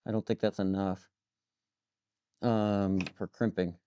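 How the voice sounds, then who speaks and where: A man's voice: lowish voice, level tone, slow pace, dark tone, muffled recording, slight background noise. A man live streaming as he works with his hands, muttering to himself, swearing freely and joking with his chat. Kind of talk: casual live-stream chat while working.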